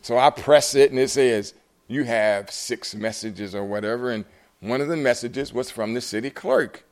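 An older man, an author at a live book event, telling a story animatedly and acting out the conversations in it, at times jumping up high in surprise and at times dropping soft. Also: moderate pace. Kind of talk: storytelling talk.

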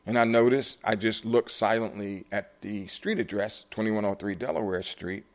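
Low-voiced man telling a story. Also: fairly even intonation, normal speed. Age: older. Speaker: author speaking at a book event. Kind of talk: storytelling talk.

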